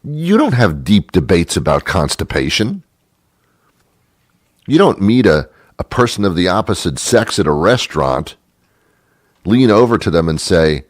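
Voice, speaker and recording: A middle-aged man hosts a talk show with a sardonic, joking delivery. His voice sits very low but swings widely in pitch. The sound is dry and close. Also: big pitch swings, a little slow, pauses often, dry recording. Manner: sardonic, acts out both sides of imagined dialogues. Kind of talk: comedic monologue and interview.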